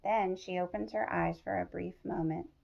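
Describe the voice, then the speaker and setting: A woman reading a picture book aloud to children, teacherly and pausing to ask them questions. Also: fairly low pitch, steady tone, vocal fry, muffled recording. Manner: teacherly, asks the listeners questions. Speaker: storybook reader.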